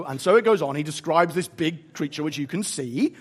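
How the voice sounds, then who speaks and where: A preacher delivers his sermon with emphatic, animated storytelling. His voice sits high for a man and leaps around constantly, rising for emphasis and dropping low for prayer. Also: brisk, slightly rough.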